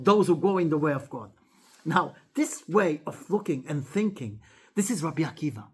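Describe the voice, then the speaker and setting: A rabbi teaches a weekly class, delivering an animated Torah lesson full of storytelling in a slightly rough voice. He acts out dialogue with sharp pitch jumps, speaking haltingly with frequent restarts and fillers.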